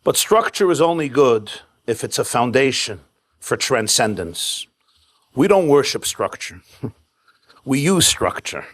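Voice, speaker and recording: A man's voice: medium pitch, very animated, measured pace. A man, a rabbi, giving a keynote sermon at a home event, mixing jokes with storytelling in short, punchy repeated phrases. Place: private home event with live audience.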